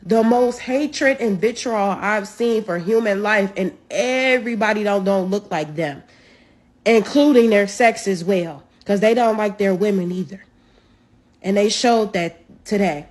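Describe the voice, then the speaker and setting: A woman ranting into her camera, angry and foul-mouthed, pressing each point with heavy emphasis. Her voice is husky and breathy at a middling pitch. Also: unhurried, darkish tone, dry recording. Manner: furious, profane, emphatic. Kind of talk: angry social media rant.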